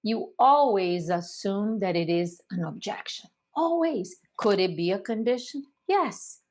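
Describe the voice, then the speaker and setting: A middle-aged woman coaches real estate agents in a lesson to camera, animatedly explaining phone technique and acting out calls as she goes. Her voice is mid-range and unhurried.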